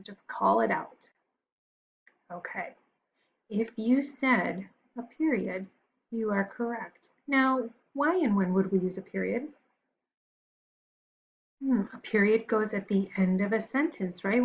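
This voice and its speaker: A woman teacher giving a recorded lesson to young children, patient and encouraging, pausing for answers. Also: mid-range voice, lo-fi sound.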